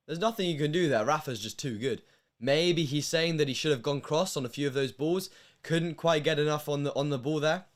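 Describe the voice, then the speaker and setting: A young British man commentates a match on a live stream with emotion, shifting between hushed passages and loud outbursts. His voice sits a little high.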